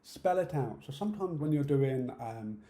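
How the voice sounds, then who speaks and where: A middle-aged British man with a medium-pitched, dark voice gives an online conference talk over a video call setup, with roomy echo in the recording. He speaks at a normal pace with lively intonation, keeping things direct and practical and often checking in with "okay?".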